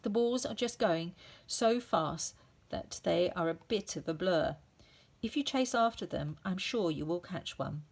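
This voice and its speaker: A woman's voice: fairly low pitch, lively intonation, measured pace, vocal fry, full character voice. A woman voicing a cheeky schoolgirl who teases her teacher in a mock-innocent tone, in a storybook reading. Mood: teasing.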